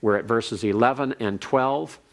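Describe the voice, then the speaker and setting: A man lecturing on Hebrew grammar to a class, explaining step by step and reading phrases slowly for the students to repeat. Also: medium pitch. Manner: methodical, reads Hebrew slowly for repetition.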